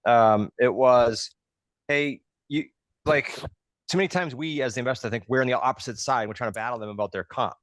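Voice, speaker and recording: A man's voice: mid-range voice, brisk, fairly bright tone, dry recording. Conversational man hosting a coaching call. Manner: conversational, explains step by step. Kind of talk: coaching on a live group call.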